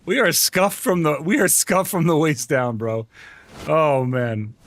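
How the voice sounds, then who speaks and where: Exasperated high-voiced man ranting. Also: a little slow, a little hiss or hum. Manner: exasperated, ranting, yelling in frustration. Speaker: vtuber streamer. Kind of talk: casual live gaming stream.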